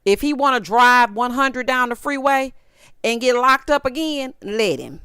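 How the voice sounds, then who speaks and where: Sassy woman dishing on reality tv, smooth clear voice, dry close sound. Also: a little high, animated, a little slow, sharp tone, no room sound. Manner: sassy, exasperated, quotes people in voices. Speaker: reality TV recap host. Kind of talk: casual commentary recap.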